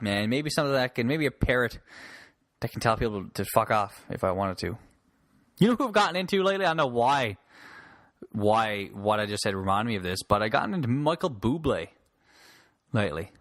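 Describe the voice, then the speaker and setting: A man's voice: mid-range voice, sing-song, moderate pace, long pauses, a bit bright, no room sound. Newfoundland guy ranting on his podcast, swears a lot, voice jumps up and down all over, dry close sound. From Newfoundland, Canada. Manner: rambling, profane, joking. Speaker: podcast host and stand-up comic. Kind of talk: casual solo podcast rant.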